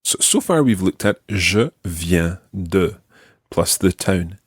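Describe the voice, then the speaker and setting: A Scottish man teaching a language lesson, patiently modelling phrases slowly for the learner to repeat. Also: deep voice, animated, husky, no echo, studio quality. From Scotland. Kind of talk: slow, clear language lesson.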